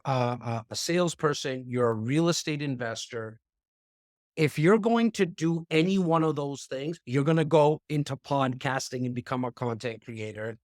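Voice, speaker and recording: A man speaking as a podcast guest in a casual, animated conversation, often repeating words as he talks. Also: a little high, no echo, studio quality. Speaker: real estate investor and speaker. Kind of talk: casual interview chat.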